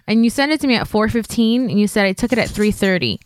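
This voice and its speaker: A woman's voice: medium pitch, quick pace, dry recording, clean studio sound. A woman chatting casually as a podcast co-host, telling a story with frequent laughter and swearing. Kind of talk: casual chat.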